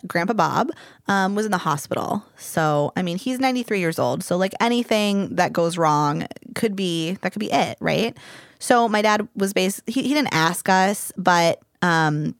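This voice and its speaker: A woman's voice: medium pitch, no room sound, clean studio sound. A young woman from California co-hosting a podcast, chatty and teasing with lots of fillers. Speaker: podcast co-host. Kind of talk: casual chat.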